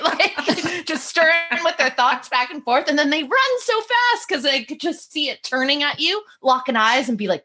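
A woman guesting on a podcast in casual chat, building up dramatic scenarios with deadpan quoted lines. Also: high voice, moderate pace, hardly any pauses, a little hiss or hum.

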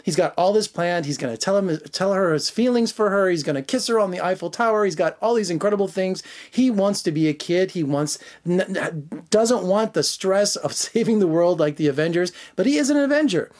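A man's voice: high voice, expressive, a little fast, darkish tone. A man giving an enthusiastic, rambling spoken film review, full of "you know" fillers and restarts. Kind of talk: spoiler-free movie review vlog.

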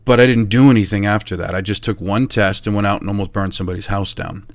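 A middle-aged man who owns a chimney service business tells a casual, animated story about his early work. He acts out the exchanges he describes and laughs at himself. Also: on the low side, fast, dry recording. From New Hampshire, USA.

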